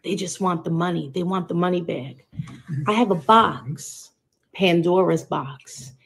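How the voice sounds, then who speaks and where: A woman's voice: lowish voice, a little slow, gravelly, husky. A woman in a played clip making a dramatic, ominous statement.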